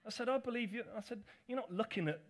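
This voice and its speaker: A man's voice: high voice, quick pace. A middle-aged man, a pastor, telling a personal story in a chatty, self-deprecating sermon with asides to his congregation.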